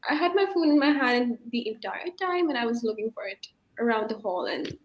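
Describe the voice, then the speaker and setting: A young woman telling animated personal anecdotes in a casual chat. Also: a little high, brisk, poor audio.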